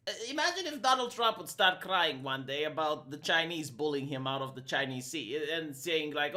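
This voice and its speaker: On the high side, bright and forceful, this Eastern European streamer speaks with a Romanian accent. His opinion monologue is sarcastic and combative, sprinkled with rapid mock impressions.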